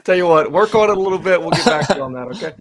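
A man's voice: fairly high pitch, animated, racing, a loud crowd. A man hosting a sports fan podcast in casual chat. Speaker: podcast host.

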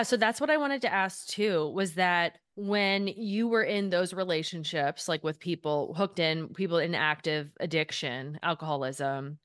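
A woman's voice: lowish voice, fairly bright tone, clear, resonant tone, dry recording, clean studio sound. A woman hosting a podcast, asking long rambling questions full of fillers. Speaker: podcast host. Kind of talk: interviewing conversation.

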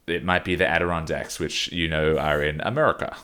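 A man with a low voice co-hosts a relaxed podcast conversation. He tells stories in a long, wandering way and breaks into laughter often as he goes. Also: fairly quick, clean tone. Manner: rambling storyteller, laughs often. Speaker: podcast co-host. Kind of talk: casual podcast chat.

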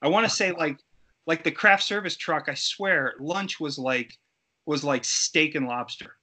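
A middle-aged man, a guest actor, telling lively stories in a casual interview and acting out the people he quotes. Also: on the high side, unhurried. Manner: animated, acts out quoted voices. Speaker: guest actor and effects artist.

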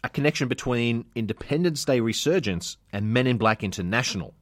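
A man's voice: mid-range voice, animated, brisk. A man co-hosting a comedy podcast in a mock-earnest, sardonic way. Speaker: podcast co-host. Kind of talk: comedic scripted chat.

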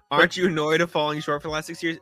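A young man on a sports podcast, working himself into a sarcastic, exasperated rant full of throat clearing. His voice sits a little high and sounds bright. Faint music plays underneath. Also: level tone, brisk. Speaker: podcast co-host.

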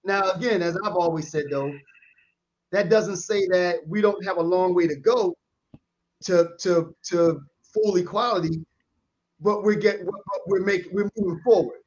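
A man in a casual debate who talks in a measured way and hedges a lot with "you know". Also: sits high, a little mellow. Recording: dull lo-fi sound.

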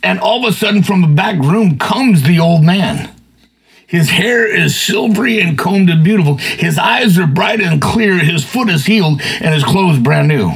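A man with a fairly high, gravelly voice and a husky edge tells a long story in a loose, folksy manner. He rambles and keeps dropping "man" and "you know" as he goes. The telling is casual and conversational. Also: animated, normal speed, poor audio.

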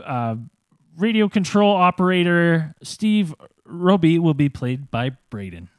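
A man's voice: fairly high pitch, big pitch swings, a little slow, no room sound. A man co-hosting a podcast in casual chat, playful and joking. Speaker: podcast co-host.

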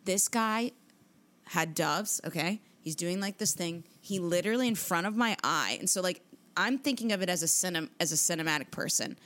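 A woman co-hosting a podcast, telling a story in casual chat, animated and full of swearing and fillers. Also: on the low side, normal speed. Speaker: podcast co-host.

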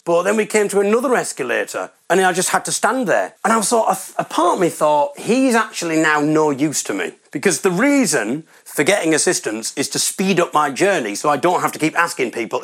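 Rambling through his gig stories, this comedian sounds wry and self-deprecating. His voice is a little high and sing-song, fairly bright, and a little fast, with hardly any pauses.

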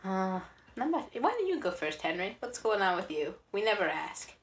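Young female co-host, teasing and playful, middle pitch, roomy echo. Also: big pitch swings, recorded from a distance. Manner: playful, teasing, quick to laugh. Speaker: podcast co-host. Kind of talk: casual chat.

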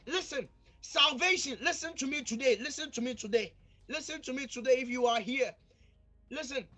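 Fiery high-pitched preacher man. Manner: fervent, repeats calls to the congregation, swings between shouting and quiet. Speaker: pastor. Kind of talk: sermon.

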